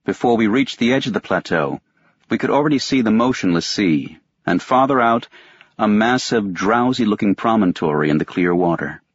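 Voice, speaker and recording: A man reading a novel aloud as an audiobook narrator, in a measured, detached first-person telling. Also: on the low side, animated, slightly rough, highs cut off. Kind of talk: scripted narration.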